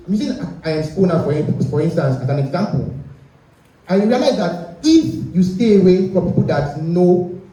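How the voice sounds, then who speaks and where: A man's voice: sits high, dark tone. A young man gives a motivational talk to an audience, often checking in with them. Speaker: guest speaker. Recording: echoey room, speaker far from the mic.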